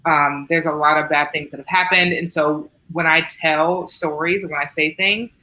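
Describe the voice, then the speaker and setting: A woman from Southern Ohio, a writer, answering interview questions in a fairly monotone but forceful storytelling manner. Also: low voice, normal speed, slight background noise, low-quality recording. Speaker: writer, panelist. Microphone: video call.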